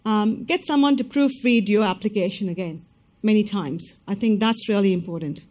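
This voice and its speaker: A woman's voice: medium pitch, moderate pace, darkish tone. Direct, emphatic woman giving an info session. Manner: direct and emphatic, checks in with "okay?". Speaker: scholarship program presenter. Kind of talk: information session talk.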